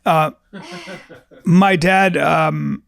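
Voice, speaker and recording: A man hosts a loose comedy podcast, spinning anecdotes and slipping into the voices of people he describes. His voice has a gravelly texture and sits a little high for a man. The sound is dry and close. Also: steady tone, drawn-out words, fairly bright tone, dry recording. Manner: playful storyteller, acts out voices of people in his stories. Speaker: podcast host. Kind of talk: casual comedic chat.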